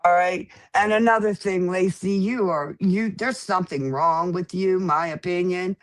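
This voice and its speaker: A woman's voice: fairly low pitch, steady tone, normal speed. A woman speaking indignantly on a livestream, accusing someone and repeating her points emphatically. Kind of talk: heated argument on a livestream.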